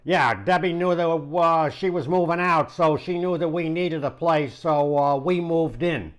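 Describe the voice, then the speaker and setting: Brief: Huge biker squatter, as a storyteller puts him on: short, brushing-off replies. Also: male voice, fairly high pitch, unhurried, natural voice. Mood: dismissive. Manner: curt, brushing off.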